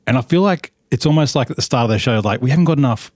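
A man thinking out loud in a casual chat, his voice rising and falling with lively pitch. He often hedges and trails off mid-thought. The recording is close and dry. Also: rapid-fire, no echo. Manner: musing, unsure, trails off. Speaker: podcast guest.

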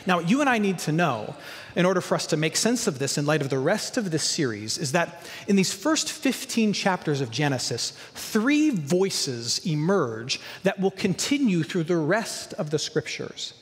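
A man's voice: a little high, sing-song, normal speed, big-room sound. A male pastor preaching a sermon, emphatic, with repeated lists and rhetorical questions.

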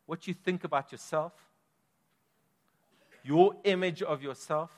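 A man's voice: fairly high pitch, fairly bright tone. Male pastor, dynamic sermon delivery, big hall reverb. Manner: emphatic, dynamic preaching with strong swells in volume. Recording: long reverb of a large hall.

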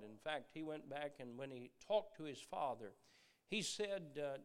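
Earnest preacher man with a fairly high voice. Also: lively intonation, unhurried, clear, resonant tone. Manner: earnest, stammers and repeats words, swings from loud emphasis to hushed. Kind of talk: sermon.

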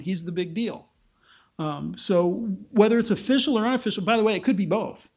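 A man's voice: high voice, expressive, brisk, darkish tone. A man preaching a conversational sermon, explaining his points informally with fillers and restarts. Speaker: pastor.

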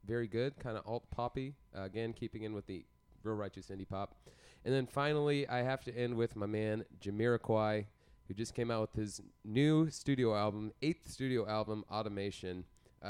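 Rambling, smooth-voiced young man. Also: fairly low pitch, normal speed, darkish tone. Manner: rambling, jokey, many fillers. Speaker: podcast co-host. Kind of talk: casual music chat.

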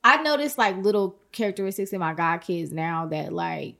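A woman's voice: on the low side, fairly even intonation, moderate pace, vocal fry, pushed and bright. A woman who is a godmother, speaking firmly as she tells a story in a casual chat. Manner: firm, storytelling.

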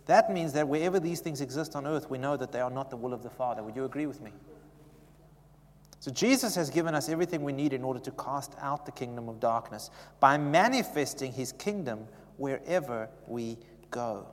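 A man preaching a sermon in an animated, conversational way, often turning to ask the congregation questions. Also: medium pitch, brisk, a little hiss or hum. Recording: long echoey reverb of a hall.

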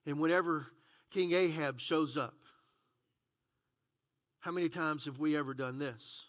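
A man's voice: on the high side, measured pace, long pauses, a bit bright. A man preaching a conversational sermon as pastor, full of "uh, you know" fillers.

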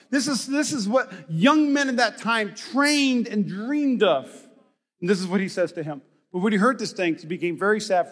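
A high-pitched man preaches from the stage of a large church, and his voice rings out through a long, echoing hall. He moves between lively storytelling and sudden shouted bursts. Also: husky. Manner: energetic, shouting bursts, storytelling with acted-out dialogue. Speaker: pastor. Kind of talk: sermon.

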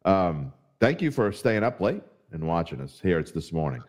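A man's voice: low voice, very animated, normal speed. A man hosting a sports podcast in casual chat, joking about himself and greeting viewers. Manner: jokey, self-mocking, greets viewers. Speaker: podcast host.

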